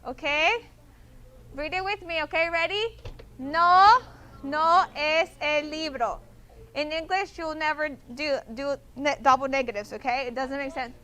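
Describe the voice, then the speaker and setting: Speaking at a moderate pace in a high-pitched, sharp voice, a female Spanish teacher walks her class through material with patience. She often repeats herself and checks comprehension with "okay?"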